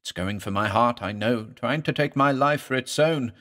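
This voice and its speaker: A man's voice: mid-range voice, moderate pace, a bit bright, natural voice. A man voicing a desperate, suffering patient. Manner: pleading, strained and anguished.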